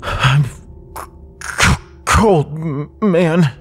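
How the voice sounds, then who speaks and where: A man's voice: fairly high pitch, expressive, unhurried, a little mellow, soft background music, pitched above the performer's own voice. A man voicing Josh, a nervous young boy who jokes and mocks but stammers when he gets scared. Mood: shivering.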